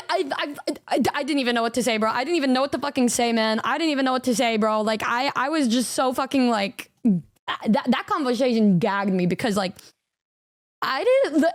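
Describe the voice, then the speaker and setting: Woman streamer reacting to a clip, high voice, keeps stumbling on her words. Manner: stammering, incredulous, profane. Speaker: VTuber streamer. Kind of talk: casual reaction commentary.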